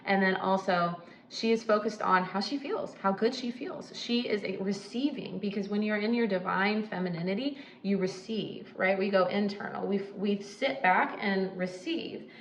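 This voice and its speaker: Woman chatting emphatically, mid pitch, bit of faint noise behind. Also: normal speed, hardly any pauses, echoey room, rough recording. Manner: chatty, emphatic, frequent laughs and asides. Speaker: host. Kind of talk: casual advice talk.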